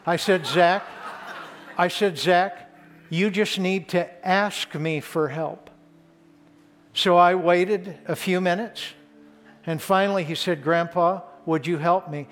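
An older man delivers a sermon in a notably high voice. He speaks slowly and deliberately, leaning into key words. His delivery is earnest and grows fervent. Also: steady tone. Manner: earnest, builds to fervent emphasis, slows for key points. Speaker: pastor.

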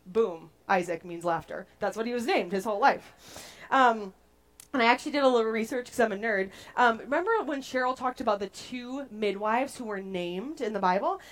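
A young adult woman preaching a casual, playful sermon to a group, chatty and animated as she tells stories. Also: fairly high pitch, a little fast.

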